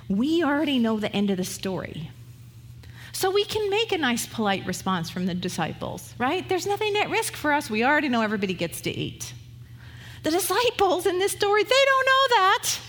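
A woman's voice: high voice, very animated, normal speed, a bit bright, big-room sound. A woman pastor preaching a sermon in a conversational, humorous way, acting out the voices she quotes.

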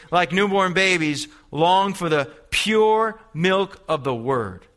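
A man's voice: on the high side, bright, forceful tone. A man preaching a sermon as a youth preacher, emphatic and repeating phrases, calling on the congregation to answer back. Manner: call-and-response, urging the congregation.

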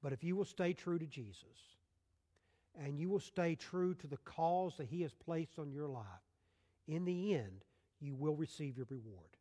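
A male pastor delivering a sermon, booming out scripture quotes and then dropping to soft, low appeals to his listeners. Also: normal speed. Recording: long hall reverb.

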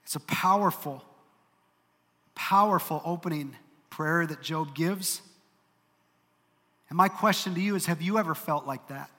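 A male pastor preaches in an emphatic, earnest way and slips in dry joking asides. His voice sits a little high for a man, and a long hall reverb trails every phrase. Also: a little slow, pauses often, pushed and bright. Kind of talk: sermon.

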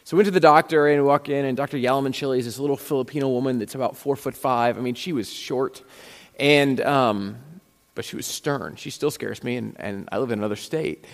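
A man's voice: medium pitch, fairly quick. A man preaching a sermon as a pastor, telling stories in a conversational way and acting out the dialogue. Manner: conversational storytelling with quoted dialogue. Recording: long hall reverb.

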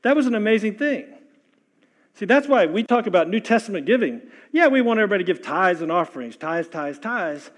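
A man's voice: high voice, very animated, fast talker. A man preaching a sermon in a conversational way, asking the congregation questions and repeating key lines for emphasis. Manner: emphatic repetition. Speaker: pastor.

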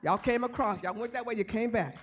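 A woman preacher shouts a repetitive church sermon, calling out congregants by name and prompting responses. She talks fairly quickly in a voice on the high side, with slight background noise.

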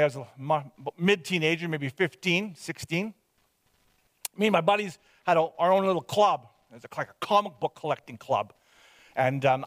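With a slightly high voice and no room sound, a self-deprecating man from Hope, British Columbia, Canada, tells his story as a personal testimony. He rambles and frequently restarts as he goes.

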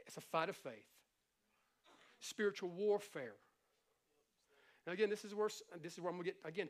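A middle-aged man delivers a sermon with a notably high-pitched voice. His preaching is animated and conversational. He slips easily into playful impressions to make his points. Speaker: pastor.

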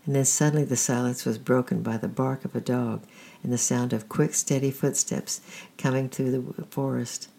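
A storyteller reading a first-person storybook in a quiet, steady way with a creaky, husky voice. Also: mid-range voice, normal speed.

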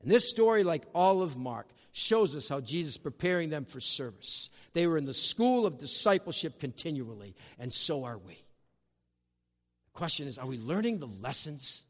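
A man preaching a sermon, swinging between loud, drawn-out emphasis and hushed asides. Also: a little high, big pitch swings. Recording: long hall reverb.

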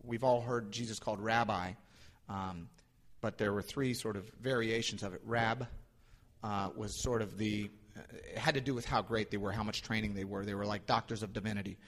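A man preaching a sermon as a pastor, animated, rising for emphasis and slowing on key lines. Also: on the low side. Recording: long hall reverb.

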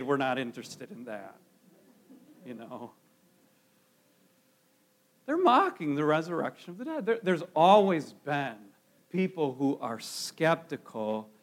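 A man preaching a sermon in a conversational way, asking his listeners rhetorical questions and often restarting his phrases. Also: fairly high pitch. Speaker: pastor.

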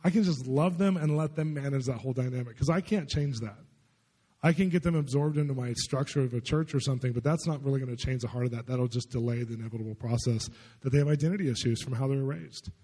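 A man's voice: mid-range voice, fast, warm tone, husky. A man, a pastor, telling stories in a chatty, conversational sermon full of filler words. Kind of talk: storytelling sermon. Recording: long reverb in a large hall.

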